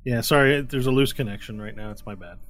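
A man's voice: medium pitch, quick pace, fairly bright tone. A man running a tabletop game as game master, narrating scenes in a rambling descriptive way over a headset mic.

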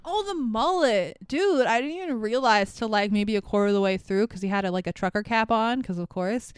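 A woman co-hosting a casual movie review chat, animated and swearing, playing up her confusion and acting out the characters. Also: a little high, brisk, clear, resonant tone, no room sound. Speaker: podcast co-host.

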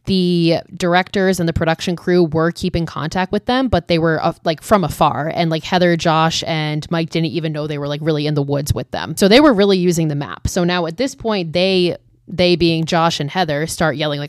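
A woman casually retelling a film's plot with frequent swearing and filler words, speeding up in animated bursts. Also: low voice, clean tone, no echo, clean studio sound. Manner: animated, quick bursts, lots of "like". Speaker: film recap storyteller.

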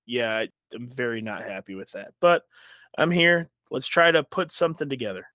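A young man with a deep, booming voice chats casually as a podcast co-host. His humor is dry and deadpan, and his talk wanders through asides. The sound is close and dry. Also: normal speed, dry recording. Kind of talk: casual chat.

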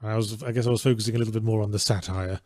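A man's voice: on the low side, fairly even intonation, racing, darkish tone, no echo. A man co-hosting a casual stream, reading out donations in a dry, sarcastic way.

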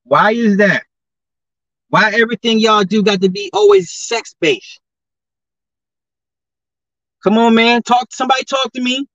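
Ranting on his own podcast, a man with a fairly high voice piles rhetorical questions onto his social commentary, his pitch leaping as he heats up. He speaks unhurriedly with long pauses in a pushed, bright tone, and the dry, echo-free recording sounds dull and lo-fi.

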